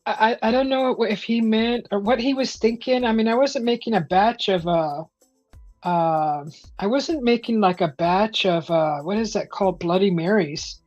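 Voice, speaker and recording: Animated woman telling a kitchen story. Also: medium pitch, normal speed. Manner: animated, acts out quoted voices. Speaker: live stream host. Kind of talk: casual storytelling chat. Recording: slightly dull stream audio with faint music.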